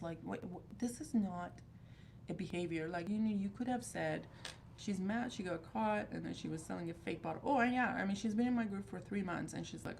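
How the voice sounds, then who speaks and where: A woman's voice: mid-range voice, normal speed, creaky, darkish tone, a little hiss or hum. A woman in her thirties hosting a livestream, talking in a rambling, candid and exasperated way. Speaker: livestream host of a fragrance group. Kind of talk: casual chat.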